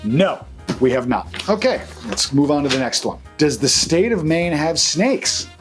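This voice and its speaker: A man's voice: on the high side, sing-song, unhurried, faint music behind. A man hosting a casual vlog as a real estate agent, chatty and joking as he reads out questions and answers off the cuff. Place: Maine.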